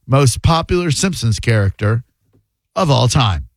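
A man hosting a radio call-in show, chatty and animated. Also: mid-range voice, unhurried, no room sound. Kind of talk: casual radio talk with callers.

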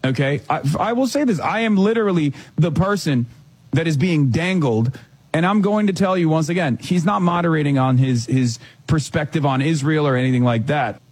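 A man's voice: fairly high pitch, animated, moderate pace, a little mellow, breathy edge. A man in a played interview clip, hesitant and full of fillers. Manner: hesitant, with many fillers, then insistent. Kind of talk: spoken interview statement.

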